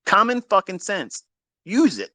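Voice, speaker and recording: A man's voice: high voice, big pitch swings, measured pace, pushed and bright, dry recording. A man coaching traders in a blunt, profane motivational monologue. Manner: profane, emphatic, preachy. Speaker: trading coach.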